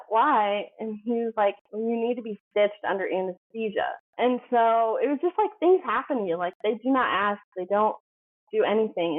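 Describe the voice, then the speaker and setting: Female guest, rambling storyteller voice, mid pitch, narrow phone audio. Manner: chatty, heavy use of "like", acts out quoted dialogue. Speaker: podcast guest. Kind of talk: casual storytelling.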